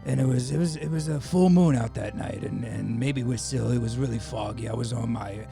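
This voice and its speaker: A man playing a boastful werewolf with a growling, gravelly voice who drawls and calls people baby, in an improvised radio comedy. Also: medium pitch, fairly quick, warm tone, close to an everyday voice. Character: boastful male werewolf, laid-back 1970s hipster. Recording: music playing behind. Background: music.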